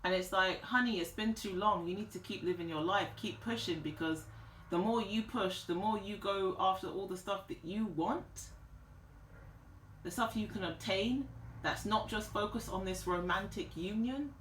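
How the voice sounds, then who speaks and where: A woman in the middle of a tarot reading vlog, her voice pitched in the ordinary middle range. She talks emphatically and animatedly, with plenty of slang. The recording carries a roomy echo. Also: moderate pace, fairly bright tone, slight background noise. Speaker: tarot reader.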